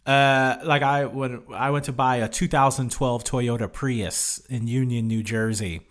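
A male co-host chatting casually on a podcast. His voice is smooth and clear, and his speech runs in an easy, amused way with frequent fillers. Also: mid-range voice, steady tone, measured pace. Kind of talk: casual chat.

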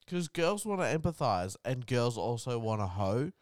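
Young Aussie male co-host, brash and profane, smooth tone, dry close mic. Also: medium pitch, very animated, normal speed, no room sound. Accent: Australian. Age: young adult. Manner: brash, emphatic, swears a lot. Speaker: podcast co-host. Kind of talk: casual crude podcast banter.

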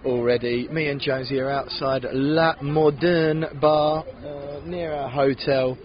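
A man's voice: on the high side, measured pace, highs cut off. A man hosting a podcast, chatting casually and with animation, recorded outdoors outside a city bar. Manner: chatty, animated, laughs often. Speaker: podcast host. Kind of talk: casual chat.

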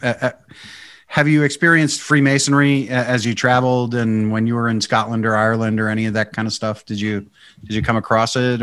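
A man hosting a podcast, asking casual questions in a halting way with repeated words. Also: mid-range voice, a bit bright. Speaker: podcast host.

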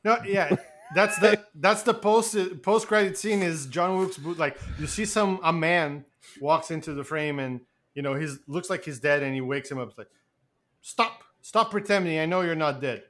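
A man co-hosting a podcast, playfully recapping the bits in halting, casual chat. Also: on the high side, steady tone, fairly bright tone. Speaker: podcast co-host.

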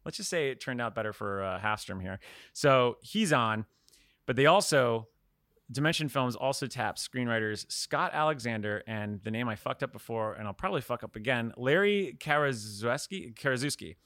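A man's voice: mid-range voice, animated, normal speed, fairly bright tone, no room sound, studio quality. A man co-hosting a podcast in casual chat, rambling through a story with laughs and casual swearing. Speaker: podcast co-host.

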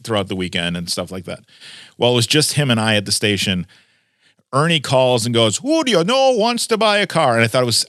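A man's voice: on the low side, a bit bright, no echo, clean studio sound. A man, a radio host telling stories in a rambling casual chat. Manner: rambling storyteller with fillers.

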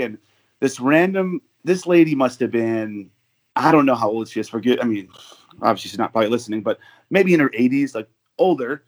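A man from the United States, a guest on a casual podcast, telling long stories with lots of fillers and restarts. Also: mid-range voice. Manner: rambling storyteller with many fillers and restarts. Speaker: guest, overseas football supporter.

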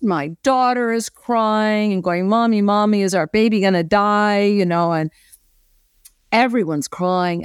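A woman's voice: medium pitch, darkish tone, smooth, no room sound, studio quality. A middle-aged woman, a podcast guest, earnestly telling a personal story with lots of "you know" fillers.

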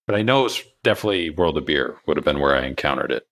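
A man with a very low voice asks his guest long, winding questions. He talks in a casual, conversational way and uses plenty of fillers. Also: animated, rapid-fire, a bit bright. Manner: rambling questions full of fillers. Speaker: podcast host.

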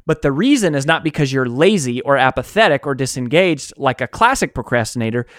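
A man, an author who runs a coaching company, telling stories in a conversational interview, animated and acting out quotes. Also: medium pitch, a little fast, dry recording, clean studio sound. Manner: animated storyteller, acts out quotes.

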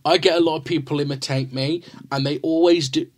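A man's voice: a little high, fairly even intonation, brisk. A man from Mansfield with an East Midlands accent, co-hosting a casual film podcast with teasing, sweary banter. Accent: East Midlands English. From Mansfield, England. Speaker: podcast co-host. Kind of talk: casual film review chat.

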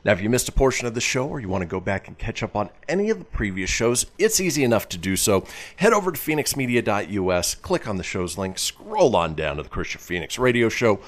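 Low-voiced lively male radio host. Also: quick pace. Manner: animated announcer delivery. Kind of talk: upbeat radio hosting and promos.

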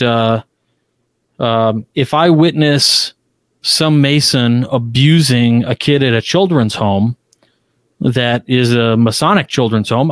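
A man's voice: mid-range voice, clean tone, no room sound, clean studio sound. A man co-hosting a casual podcast panel discussion, talking emphatically with lots of restarts. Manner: emphatic, animated, frequent restarts. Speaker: podcast co-host. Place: Chicago.

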